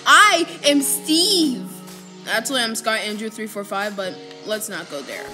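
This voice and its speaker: A woman giving excitable, rambling let's-play commentary and trash-talking the enemies she fights. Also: medium pitch, a little fast. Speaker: gamer. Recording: background music under voice.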